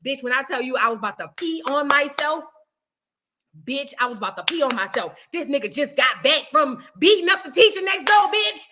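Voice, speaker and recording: Against a noisy background, a woman vlogger tells a story casually and dramatically, animated and profane, alternating shouting with hushed tones. Her voice is high and she speaks a little fast.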